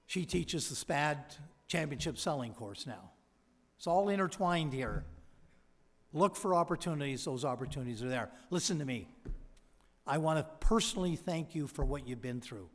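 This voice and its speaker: In a large convocation hall, a man receiving an honorary doctorate tells lively, motivational stories and acts out the dialogue. His voice is a little high and his pace moderate, with long reverb from the PA.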